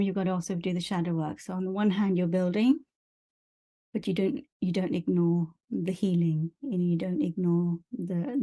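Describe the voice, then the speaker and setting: A spiritual teacher whose mellow voice sits on the low side offers her monthly energy update. Her tone is earnest and encouraging, and she moves through long, repetitive lists.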